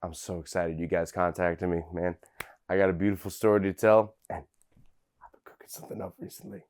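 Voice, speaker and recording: A man playing a dim, washed-up crunk rapper who rambles through an interview, filling every pause with fillers. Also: low-pitched, steady tone, a little mellow, lightly acted. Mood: boastful.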